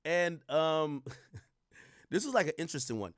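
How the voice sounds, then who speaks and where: A man hosting a live stream, talking in a rambling, animated way with lots of filler words. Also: a little high, unhurried, no echo, studio quality. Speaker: streamer host. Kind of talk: casual live-stream commentary.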